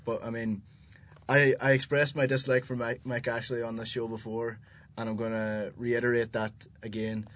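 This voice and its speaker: A man's voice: medium pitch, flat delivery, normal speed, fairly bright tone. A man co-hosting a football podcast in a studio, giving blunt, firm opinions. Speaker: podcast co-host. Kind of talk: casual sports chat.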